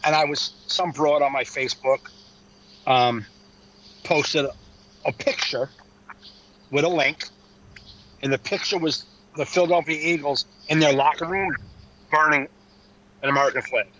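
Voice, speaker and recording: Male comedian host, animated and crude storyteller; tense bright tone, slightly muffled recording. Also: fairly high pitch, a little slow, long pauses. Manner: profane, animated, mocking. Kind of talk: casual chat, storytelling.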